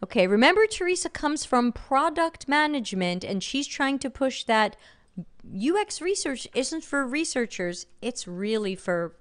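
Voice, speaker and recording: A woman's voice: high voice, sing-song, unhurried. Blunt woman with light New York accent. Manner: blunt, sardonic, reads chat comments aloud. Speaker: livestream host. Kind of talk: live-stream commentary.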